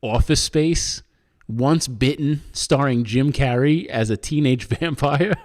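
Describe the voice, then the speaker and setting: A man in his thirties chatting casually on a podcast, rambling and laughing as he goes, with the odd swear. His voice sits at an ordinary middle pitch for a man. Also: slow. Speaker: podcast host. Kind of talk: casual chat.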